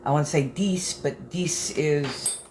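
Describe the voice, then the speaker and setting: A woman chatting softly as an ASMR creator at home, musing unhurriedly and practicing phrases aloud. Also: low voice, slow pace, noisy background. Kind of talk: soft-spoken ASMR chat. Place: home apartment.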